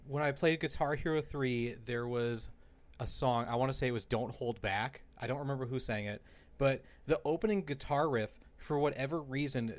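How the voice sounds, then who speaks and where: A man co-hosting a relaxed chat podcast, settling into a long anecdote. He tells it with building animation and keeps laughing along at his own story. His voice sits at an ordinary middle pitch. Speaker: podcast co-host. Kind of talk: casual chat.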